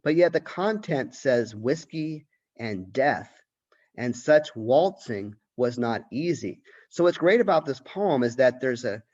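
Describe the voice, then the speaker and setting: A man's voice: medium pitch, animated, a little slow, darkish tone, lo-fi sound. A man who is a college literature professor, giving a lecture and thinking aloud with restarts and questions. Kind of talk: recorded lecture.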